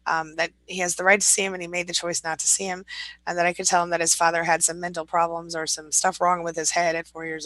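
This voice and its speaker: A woman's voice: lowish voice, pushed and bright, dry recording, poor audio. A woman in her forties hosting a casual morning live chat, reading viewer comments aloud and laughing often.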